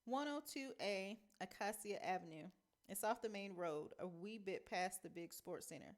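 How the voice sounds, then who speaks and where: A woman's voice: medium pitch, expressive, normal speed, natural voice. A woman reading as a wary young girl. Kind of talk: reading a novel aloud.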